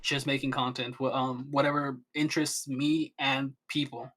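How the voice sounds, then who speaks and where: A man's voice: mid-range voice, level tone, normal speed, a bit bright. A young man chatting as a podcast guest, rambling with many restarts and fillers. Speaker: guest streamer. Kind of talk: casual podcast chat.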